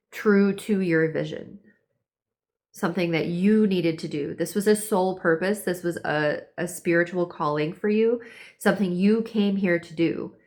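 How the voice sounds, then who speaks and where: A woman giving a casual horoscope reading, chatty and full of "like", now and then acting out voices. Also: lowish voice. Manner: chatty, lots of "like", acts out quoted voices. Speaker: tarot and astrology reader.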